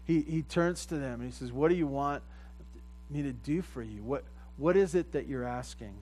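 A man preaches a sermon in a plain, conversational way, using a medium pitch and a moderate pace. He often repeats phrases and gets louder on the points he stresses. The recording is rough, with a low mains hum underneath.

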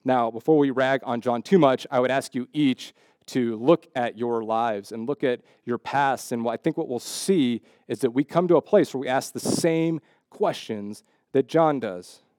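A man's voice: mid-range voice, moderate pace, darkish tone, no echo, clean studio sound. A man preaching a sermon in a conversational way, often checking in with "right?" and acting out the voices in the stories he tells. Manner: acts out quoted voices in the stories.

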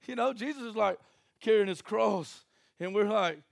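A man's voice: high voice, normal speed, gravelly, no room sound, studio quality. A man preaching a sermon, folksy and joking, acting out Bible scenes in little voices. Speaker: pastor.

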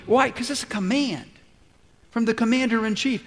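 A man's voice: very high voice, normal speed, fairly bright tone, big-room sound, a little hiss or hum. A man preaching a sermon as pastor, telling a Bible story animatedly and acting out its dialogue. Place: large church hall.

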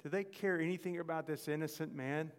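A man's voice: on the high side, steady tone, a little fast, smooth, long reverb tail. A man preaching a sermon in a conversational way, often stopping to check in with his listeners. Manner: conversational, frequent "okay?" check-ins.

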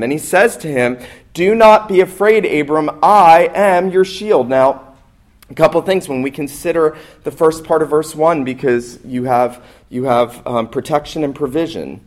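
A man preaching a sermon as pastor, earnest and emphatic, asking and answering rhetorical questions. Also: mid-range voice.

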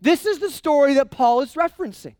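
A male pastor preaching a sermon in a conversational, animated way, often restarting his sentences. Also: extremely high pitch, a little fast, dry recording.

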